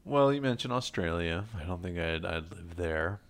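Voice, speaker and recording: A man's voice: low voice, expressive, normal speed. A man co-hosting a podcast, talking casually and thinking aloud in a rambling way. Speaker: podcast co-host. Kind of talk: casual chat.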